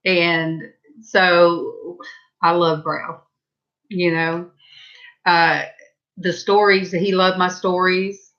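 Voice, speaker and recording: A middle-aged woman with a Southern accent, telling rambling, chatty stories in a casual vlog and brightening her voice whenever she quotes herself. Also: fairly low pitch, little pitch movement, drawn-out words, pauses often, dull audio. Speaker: vlogger. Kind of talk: casual storytelling.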